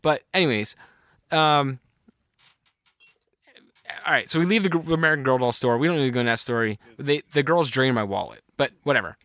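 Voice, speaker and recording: A man's voice: mid-range voice, a little fast, pauses often, fairly bright tone, dry recording. A middle-aged man co-hosting a podcast, telling a rambling story in casual chat and laughing at his own anecdote. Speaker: podcast co-host.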